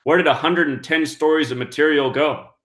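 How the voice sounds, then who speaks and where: A man's voice: fairly high pitch, fairly quick, fairly bright tone. A man hosting an online show, giving an emphatic monologue that counts out numbers and asks rhetorical questions. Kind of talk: monologue commentary. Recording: roomy echo.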